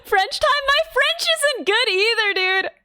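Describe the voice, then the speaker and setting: A woman's voice: very high-pitched, animated, a little slow, sharp tone, no room sound, studio quality. A young woman, chatting casually on a live stream, giggly, rambling and self-mocking. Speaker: VTuber streamer.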